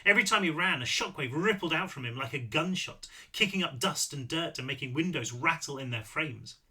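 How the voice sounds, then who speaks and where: A man, the author, reading his own novel aloud with lively storytelling and the odd self-correction. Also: fairly high pitch, brisk, breathy edge. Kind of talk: read-aloud narration.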